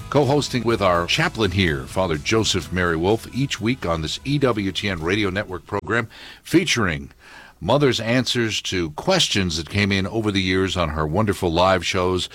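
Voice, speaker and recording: A man hosting a radio talk show, smoothly introducing topics and guests. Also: low voice, a bit bright. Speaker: radio host.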